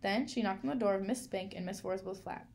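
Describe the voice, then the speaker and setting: A woman reading a children's novel aloud in a clear, measured storytelling manner. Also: mid-range voice, darkish tone. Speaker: reader.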